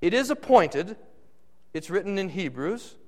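Male pastor, preaching a sermon, slow measured delivery, animated rising and falling voice. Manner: slow, dramatic preaching with wide swings in pitch and loudness.

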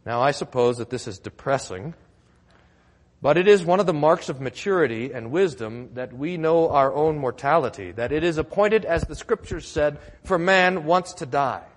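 A man's voice: a little high, expressive, normal speed, long reverb tail. A man preaching a sermon in a church, telling the story with drama and building to emphatic declarations. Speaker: pastor.

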